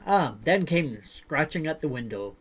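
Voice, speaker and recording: Guy on a livestream reading funny stories, slow and easygoing, lots of uhs and ums. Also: on the high side, big pitch swings, a bit bright, breathy edge. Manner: reads stories aloud, then chats loosely with filler words. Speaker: livestream host. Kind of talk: casual livestream storytelling.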